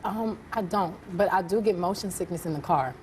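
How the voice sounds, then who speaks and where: A woman guest on a television talk show, soft-spoken and giggly, hesitating with small ums as she answers. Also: fairly low pitch, brisk. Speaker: celebrity guest. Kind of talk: casual talk show interview. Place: TV studio with live audience. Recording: noisy studio audience.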